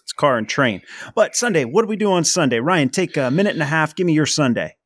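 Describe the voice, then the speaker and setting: A man's voice: on the high side, lively intonation, quick pace, no echo. A man hosting a casual podcast chat, steering the conversation. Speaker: podcast host.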